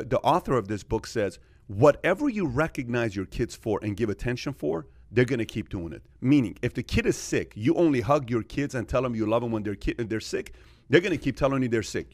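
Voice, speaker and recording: Animated man telling stories in a dry room. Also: medium pitch, no room sound. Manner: animated storyteller, acts out quoted exchanges, frequent fillers. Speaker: podcast host. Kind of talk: casual podcast discussion.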